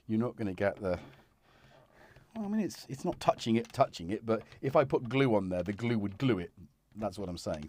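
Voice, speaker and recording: A man hosts a casual live stream while working with his hands, chatting to viewers and muttering asides to himself. His voice swings up and down in pitch as he talks. His pitch sits mid-range for a man. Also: a little mellow, slight background noise. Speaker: livestream host repairing a synth. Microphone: wireless mic that drops out of range.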